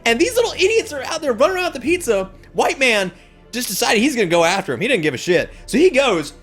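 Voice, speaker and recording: A man's voice: very high voice, fast, husky, soft background music. A man telling a rambling anecdote to his viewers, swearing casually and with lots of fillers. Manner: rambling, swearing, animated storytelling. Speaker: streamer telling a story.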